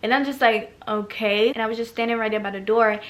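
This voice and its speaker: Young woman from africa telling storytime, high voice, super dramatic and cussing a lot. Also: fairly even intonation, rapid-fire. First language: an African language. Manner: sassy, profane, dramatic, acts out every line. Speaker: storytime vlogger. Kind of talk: animated storytime vlog.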